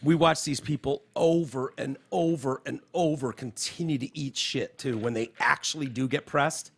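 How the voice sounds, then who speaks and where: A man hosting a podcast, talking in an animated, profane, casual way about the news. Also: medium pitch, normal speed, slightly rough. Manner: animated, profane, reads quotes aloud. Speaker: podcast host. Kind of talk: casual political chat. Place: podcast studio.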